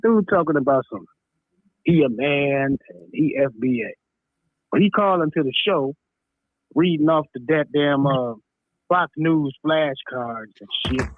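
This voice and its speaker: Man, show regular, blunt, profane street slang, slightly high voice, phone line. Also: measured pace, pauses often, no echo. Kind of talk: heated talk-radio rant.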